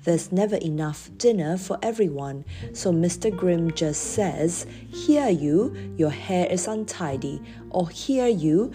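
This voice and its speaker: A woman's voice: lowish voice, animated, slow pace, few pauses, warm tone, faint music behind. A woman voicing a friendly, earnest brownie schoolboy in a children's story reading.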